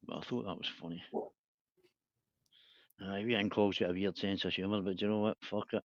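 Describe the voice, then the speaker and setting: A man's voice: lowish voice, fairly even intonation, fairly quick, no echo, lo-fi sound. A man, hosting a casual livestream chat, rambling, laughing and swearing a lot. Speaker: livestream host.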